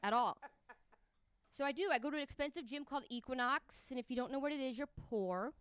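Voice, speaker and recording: A woman's voice: high voice, fast talker, fairly bright tone. Brash, crude woman doing stand-up. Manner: crude, brash punchlines with big vocal jumps. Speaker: stand-up comedian. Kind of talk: stand-up comedy set. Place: comedy stage before a live audience.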